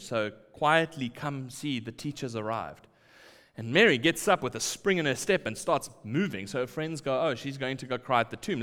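A man preaching a sermon, acting out quoted lines and dropping to quiet asides. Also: medium pitch, clean tone. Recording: long hall reverb.

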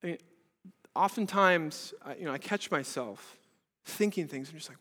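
Preaching earnestly at a church service, a high-voiced male pastor asks many rhetorical questions and swings from loud to hushed at a moderate pace. The sermon echoes in a reverberant hall.

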